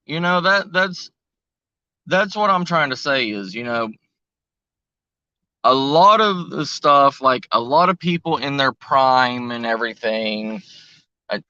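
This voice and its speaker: A man's voice: medium pitch, animated, slow, long pauses, sharp tone, no echo. A middle-aged man rambling in casual livestream chat and reading out viewer names, heard over a lo-fi phone connection. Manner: rambling, reads viewer names, thinking aloud. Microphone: phone on a weak connection. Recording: muffled lo-fi stream audio over bad cell signal.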